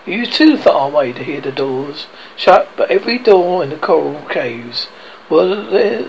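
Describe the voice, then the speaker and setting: A man's voice: fairly high pitch, sing-song, normal speed, gravelly, slight background noise, poor audio. A man narrating a storybook aloud, often stumbling and correcting himself. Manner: reads with frequent stumbles and self-corrections. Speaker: audiobook reader.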